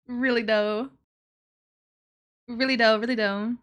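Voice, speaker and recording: Young woman streamer, high bright voice, giggly, loud and excitable chat. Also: slow pace, pauses often. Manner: laughs often, excitable and loud. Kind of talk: casual livestream chat.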